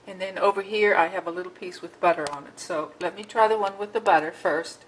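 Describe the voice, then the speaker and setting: A woman's voice: on the low side, fairly quick, a little hiss or hum, poor audio. Chatty woman vlogging in her kitchen. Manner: relaxed, chatty, talks while tasting food. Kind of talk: casual cooking vlog. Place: home kitchen.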